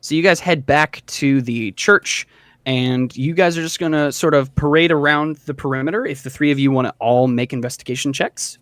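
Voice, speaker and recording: A man's voice: fairly high pitch, moderate pace, a bit bright, smooth, no room sound. A man narrating as game master in a tabletop game, loose and full of fillers.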